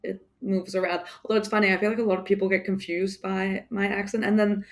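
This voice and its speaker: A woman with a mixed English accent talks loosely as an interview guest, circling her points with plenty of fillers and restarts. Her pitch sits in an ordinary middle range, and the delivery stays casual and unscripted. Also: level tone, quick pace. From United Kingdom. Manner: rambling, many fillers and restarts. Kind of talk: casual conversation.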